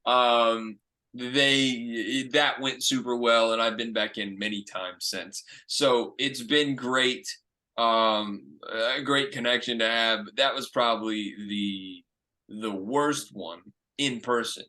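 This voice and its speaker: Bright-voiced young man telling stories. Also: medium pitch, takes it slowly. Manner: animated, acts out quoted lines. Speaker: actor and host. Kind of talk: casual storytelling chat. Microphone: video call.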